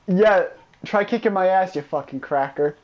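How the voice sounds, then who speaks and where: A man with a high voice talks at a normal speed while streaming a video game. He chats casually and trash-talks a friend with lots of swearing, his profane, excitable banter amounting to casual gameplay commentary.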